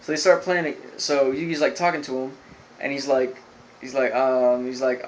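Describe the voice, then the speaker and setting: Speaking at a mid-range pitch with little movement in his intonation, a man reviewing anime recaps an episode casually. The recording is muffled with a faint hiss, and his retelling wanders through fillers and restarts, tossing in rapid paraphrases of what the characters said.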